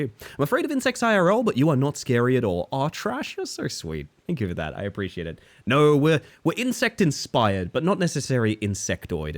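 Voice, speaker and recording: On a live stream, a young Western Australian man chats playfully with viewers as he games. His mid-range voice carries a local accent with a British tinge.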